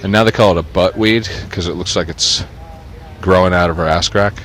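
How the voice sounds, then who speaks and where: Lowish dude ranting, swears a ton, sarcastic and rambly, faint traffic noise. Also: male voice, brisk, a bit bright, poor audio. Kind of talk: casual profane rant while reading a book aloud.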